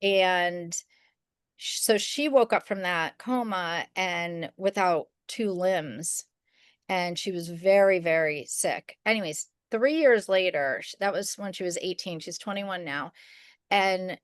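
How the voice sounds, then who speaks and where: A woman's voice: on the low side, slow, clear, resonant tone, no room sound, studio quality. A middle-aged woman co-hosting a podcast, telling a personal story in a rambling, casual way with restarts and quoted voices. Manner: rambling, with many restarts and fillers; acts out the people she quotes. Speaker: podcast co-host.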